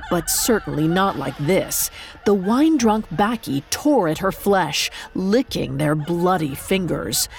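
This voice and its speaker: A woman narrating a dark storybook myth in a measured, dramatic way. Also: fairly low pitch, gravelly. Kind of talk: scripted narration.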